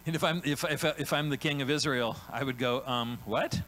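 A man's voice: medium pitch, fairly even intonation, a bit bright, low-quality recording. A man preaching a sermon in a conversational way, often checking in with "right?" and briefly acting out the people in the story. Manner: conversational preaching, frequent "right?" tag questions; acts out biblical characters in quick voiced asides. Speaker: pastor.

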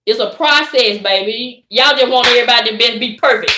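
A middle-aged woman with a Southern accent, chatting live and preaching to her viewers in a lively, direct way. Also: on the high side, brisk, few pauses, roomy sound. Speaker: vlogger. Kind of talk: casual live-stream chat.

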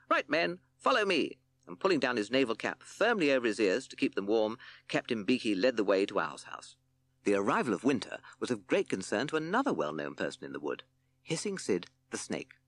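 A man narrating a children's storybook with expressive, playful storytelling. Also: lowish voice, fast talker, no room sound.

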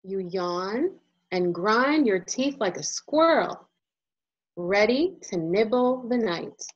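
A picture book illustrator reads a children's storybook aloud, unhurried and gently expressive, her mid-range voice rising and falling in a lively melody. The recording is somewhat dull and lo-fi.

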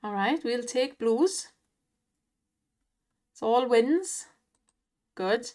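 Chatty Welsh woman, fairly high voice. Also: animated, extremely slow, darkish tone. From Wales. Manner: chatty, laughs often, cheers on spins. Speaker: online slots streamer. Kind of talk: casual chat and commentary over gameplay.

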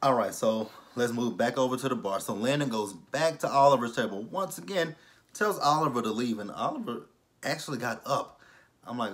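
Male TV recap vlogger, middle pitch, casual, sarcastic and foul-mouthed. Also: normal speed. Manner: blunt, profane and sarcastic; lively, slips into mock quotes. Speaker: TV episode reviewer.

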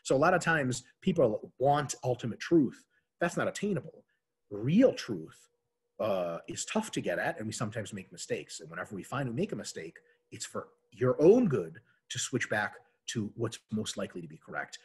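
An energetic man riffs as a podcast guest, cursing freely and joking around. His voice is a little husky, and his pitch swings widely as he talks. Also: moderate pace. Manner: animated, profane, jokey. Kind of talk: casual podcast chat.

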